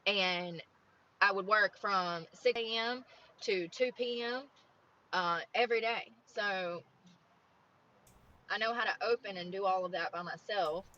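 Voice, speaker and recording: Woman, late 30s, bright tone, frank rambling chat, dull lo-fi stream audio. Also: mid-range voice, unhurried, pauses often. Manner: plain-spoken, rambling, frank about money. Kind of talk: casual chat to viewers.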